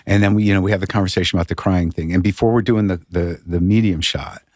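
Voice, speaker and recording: A middle-aged male comedian telling an animated, profane story in casual chat, with many stammering restarts. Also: deep voice, quick pace, no room sound, studio quality. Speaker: guest comedian.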